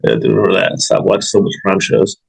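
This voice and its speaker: A man chatting casually on a podcast, talking bluntly and swearing often, with a gravelly, husky voice. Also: lowish voice, little pitch movement, quick pace, rough recording. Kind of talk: casual chat.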